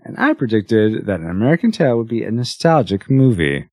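A man's voice: on the low side, sing-song, brisk, mellow, no echo, clean studio sound. A man hosting a podcast, chatting casually and laughing often. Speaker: podcast host.

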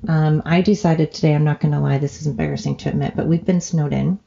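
A woman's voice: low-pitched, steady tone, quick pace, gravelly, mellow, a little hiss or hum. A middle-aged woman from the Oregon coast hosting her own podcast, rambling in casual chat with self-mocking asides. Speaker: podcast host. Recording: dull lo-fi home recording.

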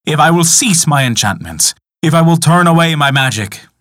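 A man's voice: a little high, lively intonation, moderate pace, a bit bright, dry recording, clean studio sound. A man voicing a stern ancient wizard. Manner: stern, scolding. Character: ancient wise male wizard, stern and scornful.

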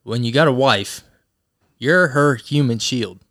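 A man's voice: mid-range voice, unhurried, a bit bright, dry recording, studio quality. A man co-hosting a podcast in casual chat, trading wry, encouraging banter. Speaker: podcast co-host.

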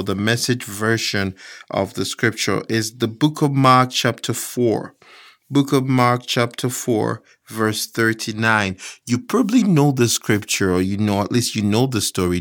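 A man delivering a sermon, reading scripture slowly, then rising into raised, emphatic preaching. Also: a bit bright. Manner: builds from low and measured to raised, emphatic preaching; slows down to read scripture aloud.

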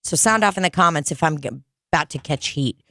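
Talking quickly, this woman hosts a podcast captured in clean studio sound without any room tone. Her casual storytelling is animated and full of cursing, and she mimics customers in squeaky, high-pitched voices.

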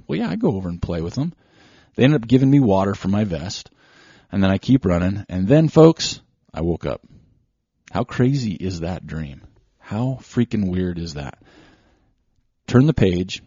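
A middle-aged man hosting a podcast, telling a story in a rambling, excitable way. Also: low voice, breathy edge, no room sound, muffled recording. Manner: rambling, excitable, strings events together with "so". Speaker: podcast host. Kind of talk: casual storytelling monologue.

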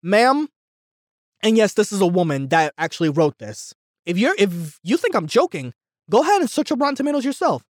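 A young man hosting a solo podcast, ranting heatedly and swearing. He repeats himself and swings between yelling and muttering. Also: sits high, very animated, a little fast, no room sound, clean studio sound. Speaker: podcast host.

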